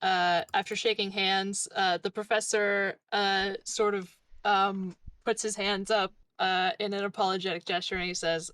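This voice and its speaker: A woman describes her character's moves in a tabletop game, stopping often on fillers. Her pitch sits in the middle, and the recording is dry. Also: little pitch movement, normal speed, few pauses, a bit bright, dry recording. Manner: hesitant, many fillers. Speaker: player.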